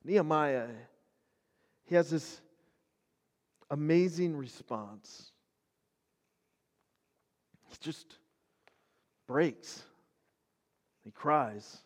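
Pastor, male, middle-aged: high-pitched and earnest, casual preaching with loose fillers, long reverb trailing behind. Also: drawn-out words, long pauses. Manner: conversational, earnest, many fillers and restarts. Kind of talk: casual sermon video.

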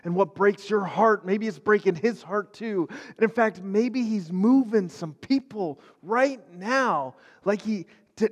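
Earnest high-voiced man preaching with reverb. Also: slow, few pauses. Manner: earnest, shifts between hushed and fervent; conversational, with many fillers. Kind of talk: online sermon. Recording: long reverb.

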